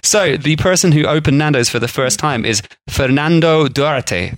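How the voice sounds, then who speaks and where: A man's voice: fairly high pitch, animated, normal speed, no room sound. A man co-hosting a podcast in casual chat, rambling and laughing often. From England. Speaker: podcast co-host.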